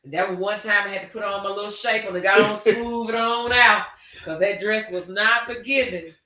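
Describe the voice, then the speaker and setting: An animated man holds forth in casual conversation, drawling and slangy as he tells his stories. His voice sits high and bright. The room around him rings with echo. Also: fairly quick, far from the mic. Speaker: podcast host. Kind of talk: casual chat. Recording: echoey room.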